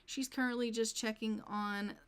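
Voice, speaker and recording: A woman's voice: on the high side, steady tone, normal speed, smooth. A woman giving casual let's-play commentary on a life-sim game, chatting along and talking to her characters as she plays. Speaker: gameplay narrator.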